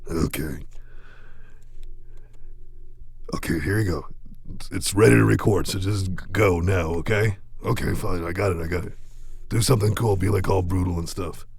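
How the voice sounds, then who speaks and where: A man voicing a gruff, slow-witted metal singer in a cartoon, with a deep gravelly growl and a flat, mumbled, grumpy delivery. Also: heavily acted. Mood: grudging. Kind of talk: cartoon voice acting.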